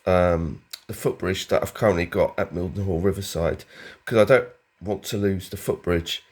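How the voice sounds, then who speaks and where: A man with a hoarse voice from a cold, chatting casually to camera about his model railway, with many ums and restarts. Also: low-pitched, a little mellow.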